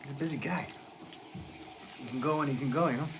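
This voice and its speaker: A man's voice: mid-range voice, quick pace. A middle-aged man, a potter, chatting casually and rambling on a live stream as he reads viewers' comments aloud. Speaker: potter hosting a livestream. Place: pottery studio. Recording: noisy background.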